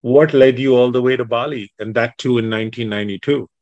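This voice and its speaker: A man's voice: medium pitch, fairly even intonation, quick pace, a little mellow, dull audio. A man hosting a podcast, upbeat and talking straight to his listeners. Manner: upbeat, addresses listeners as folks. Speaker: podcast host. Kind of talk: podcast interview.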